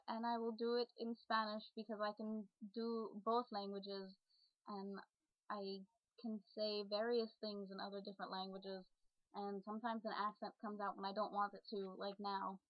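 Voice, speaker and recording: A woman's voice: mid-range voice, little pitch movement, normal speed, no room sound, highs cut off. A young adult woman rambling casually to her followers, full of fillers and restarts. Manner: chatty, many fillers and restarts. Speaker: vlogger and online role-player.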